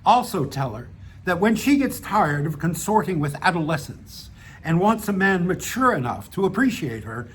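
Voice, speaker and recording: A gruff old professor, dry and wry, speaking with unhurried ease in a storybook reading, voiced by a man in his own fairly high voice. Faint noise sits under the voice. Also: big pitch swings.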